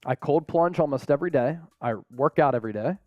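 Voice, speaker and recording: A man's voice: a little high, quick pace, no room sound, highs cut off. Laid-back, rambling male sports host. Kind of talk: casual live-stream chat.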